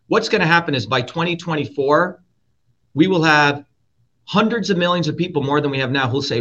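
A man from India, a guest in a heated interview, talking bluntly and forcefully, swearing and repeating his points. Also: on the high side, fairly quick. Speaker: guest, presidential candidate. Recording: dull lo-fi audio.

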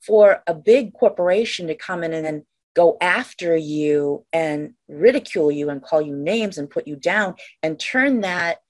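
A woman's voice: lowish voice, expressive, a little slow, a little mellow. A woman hosting an interview, eager and emphatic, backing up her guest with enthusiastic agreement. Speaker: interview host. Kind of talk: conversational interview.

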